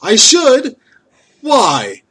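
A man's voice: extremely high pitch, wildly swooping pitch, drawn-out words, pushed and bright, breathy edge. A man chatting casually as podcast co-host, complaining sarcastically and swearing. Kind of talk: casual chat.

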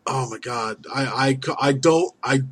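A man's voice: medium pitch, moderate pace. A man chatting casually as podcast co-host, complaining sarcastically and swearing. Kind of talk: casual chat.

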